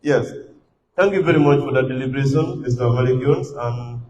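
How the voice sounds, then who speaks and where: A man's voice: mid-range voice, brisk, a little mellow, dull audio. A man working as master of ceremonies at a book launch, speaking formally with frequent hesitations. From Gambia. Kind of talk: formal event hosting. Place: event hall. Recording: echoey hall, distant mic, faint noise.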